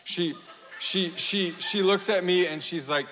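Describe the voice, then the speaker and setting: Lively man preaching in a big hall. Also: high-pitched, a little slow. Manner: animated storytelling, acts out quotes, laughs at himself. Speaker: pastor. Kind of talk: sermon. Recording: long hall reverb.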